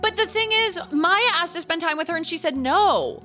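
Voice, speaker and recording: A young woman streamer playing a game, excitable and swearing, reading game text aloud between reactions. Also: extremely high pitch, moderate pace. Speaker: gaming streamer. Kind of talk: let's play commentary. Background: game music.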